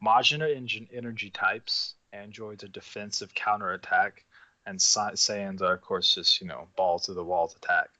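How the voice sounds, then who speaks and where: American man with a bright, muffled voice. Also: lowish voice, steady tone, normal speed, no echo. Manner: laid-back, swears casually, laughs often. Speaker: podcast co-host. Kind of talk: casual chat.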